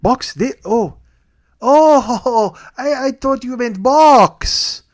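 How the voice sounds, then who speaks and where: A man's voice: extremely high pitch, lively intonation, extremely slow, voice pushed up, exaggerated voice. A man putting on a stammering clerk. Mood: flustered. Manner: hesitant, stammering. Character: flustered Japanese male clerk, little English.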